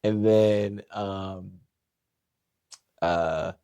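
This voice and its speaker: Deep-voiced man telling a story. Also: drawn-out words, clean tone, dry recording. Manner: animated, acts out quoted voices. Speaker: podcast guest. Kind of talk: casual storytelling.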